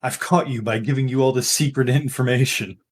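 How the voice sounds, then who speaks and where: A man in a mid-range voice runs a tabletop game in loose, casual chat. He laughs easily and keeps things relaxed as game master. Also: medium pitch, brisk.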